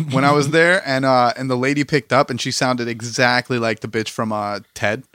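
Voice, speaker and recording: A man's voice: mid-range voice, steady tone, normal speed, a bit bright, dry recording, clean studio sound. A young man from New Jersey with a Jersey accent, co-hosting a podcast in loose, swearing chat with friends. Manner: loose, swearing, laughs often. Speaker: podcast co-host. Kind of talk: casual chat.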